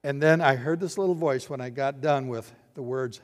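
An older male pastor delivers a sermon in a voice of average pitch. He swings between loud, emphatic declarations and quiet, hushed lines. His voice rings with a long reverb, as if he is preaching in a large sanctuary. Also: fairly even intonation, normal speed.

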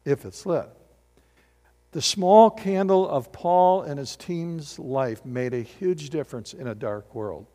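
A middle-aged man pastor preaching a sermon in a church, animated and full of rhetorical questions to the congregation. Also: a little high, a little slow, few pauses. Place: church sanctuary. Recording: long hall reverb.

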